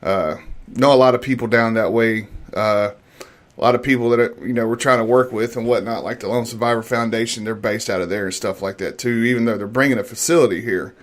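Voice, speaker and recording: A man's voice: mid-range voice, steady tone, fairly quick. A man in his thirties co-hosting a casual morning talk show, laid-back, laughing often and calling people "man". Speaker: co-host. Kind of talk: casual chat.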